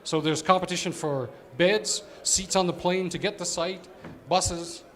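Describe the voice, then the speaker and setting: A man's voice: high voice, unhurried, a bit bright. A man giving a conversational conference presentation as an operations executive, explaining with fillers.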